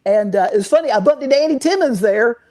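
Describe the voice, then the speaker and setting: Very high-pitched, warm, expressive and fast, the same guitar shop owner tells long, meandering stories in answer to interview questions. It's a casual storytelling chat, riddled with fillers and restarts.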